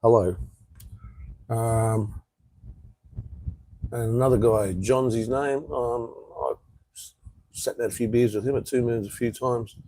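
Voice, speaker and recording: A man's voice: medium pitch, fairly even intonation, slow pace, pauses often, mellow, no echo, low-quality recording. A man with an Australian accent, rambling in a laid-back way as he chats casually on a live stream from an outdoor patio. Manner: rambling, laid-back, reads out viewer comments. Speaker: vlogger.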